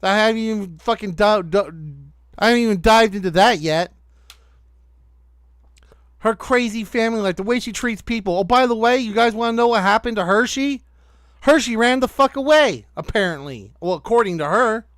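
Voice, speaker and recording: A high-pitched man rants with heavy profanity as a podcast host reacting to clips. His voice is smooth and resonant, recorded close and dry. He keeps up a steady stream of angry commentary. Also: no echo. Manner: angry, profane, rapid-fire ranting.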